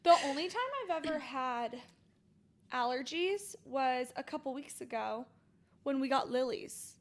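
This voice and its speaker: A woman's voice: sits high, measured pace, a little hiss or hum. A woman co-hosting a podcast in casual chat, bubbly and enthusiastic. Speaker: podcast co-host.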